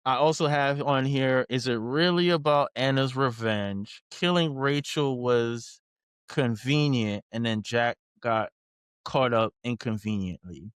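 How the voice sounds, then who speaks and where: A man co-hosting a podcast, talking in a relaxed, casual way with lots of fillers. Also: mid-range voice, unhurried, smooth, no room sound, clean studio sound. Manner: relaxed, conversational, many fillers. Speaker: podcast co-host. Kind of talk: casual chat.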